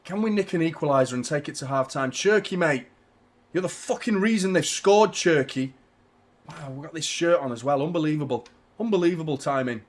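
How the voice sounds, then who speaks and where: A man hosting a live football watchalong, talking casually to his audience, often swearing and getting loud and frustrated about the match. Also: a little high, fairly quick. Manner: ranting, swearing, frustrated, shouting when excited. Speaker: football channel host.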